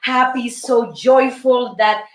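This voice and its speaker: A middle-aged woman from Cuba with a Cuban Spanish accent, teaching a salsa dance lesson and counting the beats aloud in a lively, encouraging way. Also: a little high, takes it slowly. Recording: roomy sound from a distance, music behind.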